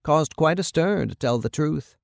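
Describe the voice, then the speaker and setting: A man's voice: fairly high pitch, expressive, normal speed, vocal fry, no room sound, studio quality, pitched above the performer's own voice. A man reading the part of a bitter, vengeful older man who recounts his killings in a grim, matter-of-fact way. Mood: grim, boastful. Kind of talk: dramatic reading of a radio play.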